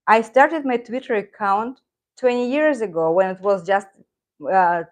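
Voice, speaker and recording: A woman's voice: mid-range voice, animated, measured pace. A middle-aged woman with a Russian accent, a native Russian speaker, chatting casually on a live stream, rambling, reading viewer comments and laughing often. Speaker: channel host, Russian teacher.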